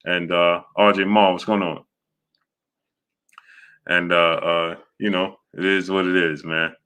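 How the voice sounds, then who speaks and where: A man hosting a casual live stream, greeting viewers by name and talking haltingly with many fillers. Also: deep voice, smooth. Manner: greets viewers by name in a steady run-through. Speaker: host of a boxing live stream.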